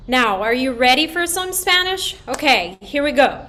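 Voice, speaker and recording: A choir teacher from the Dominican Republic teaches children a song online, upbeat and leading call-and-response. Her voice is high-pitched, sing-song, pushed and bright, at a normal speed.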